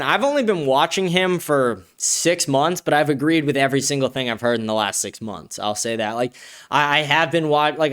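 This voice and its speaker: A man hosting a casual livestream, answering viewer comments in a blunt, profane, offhand manner. His voice is smooth and clear, at a middling pitch. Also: fairly bright tone. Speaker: show host.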